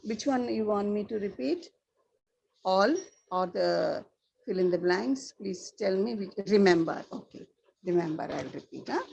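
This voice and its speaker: A woman teaching a school class, slowly repeating the key words for her students. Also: medium pitch, vocal fry, darkish tone, breathy edge, highs cut off. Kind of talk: classroom lesson.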